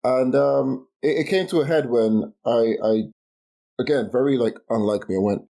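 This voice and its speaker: A man's voice: medium pitch, animated, moderate pace, creaky, darkish tone. A man in his twenties co-hosting a casual podcast chat, ranting in an exasperated way with many restarts and laughs. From United Kingdom. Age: 20s. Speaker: podcast co-host.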